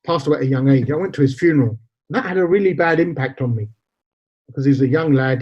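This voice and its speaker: Talking fast at a medium pitch, a podcast guest in his forties recounts a personal story, voicing quoted dialogue and working in bits of Punjabi. The audio is lo-fi and a touch dull.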